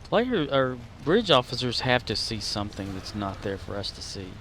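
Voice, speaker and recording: A man streaming a game, rambling to himself and now and then yelling at his squadmates. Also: medium pitch, big pitch swings, moderate pace, slight background noise. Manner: rambling, talks to himself, shouts at teammates. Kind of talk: casual gameplay commentary.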